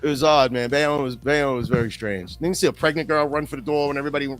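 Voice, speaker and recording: A man's voice: medium pitch, fast, faint music behind. A man in his fifties co-hosting a podcast, telling rambling, profane stories and acting out quotes in casual chat. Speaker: podcast co-host.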